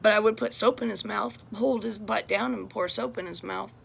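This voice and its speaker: A woman's voice: mid-range voice, moderate pace, gravelly, a little hiss or hum. A middle-aged woman talking straight to camera about her family, blunt and heated as she vents. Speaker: vlogger. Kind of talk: casual personal monologue.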